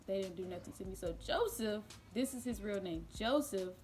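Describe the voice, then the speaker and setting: A young adult woman vlogger telling a casual storytime, chatty and animated, with lots of fillers and easy laughs. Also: medium pitch, normal speed. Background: faint background music.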